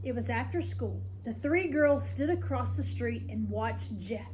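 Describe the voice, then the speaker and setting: A woman's voice: a little high, lively intonation, measured pace, darkish tone, a little hiss or hum. A woman teacher reading a chapter book aloud to students and chatting to them afterwards. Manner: friendly, speaks straight to students. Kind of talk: read-aloud storytelling.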